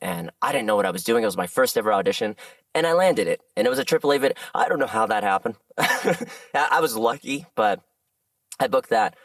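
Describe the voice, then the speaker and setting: A man who works as a voice actor, chatting as a guest in a casual podcast interview and telling animated stories with frequent laughs. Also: fairly low pitch, fairly quick, no room sound, distant mic.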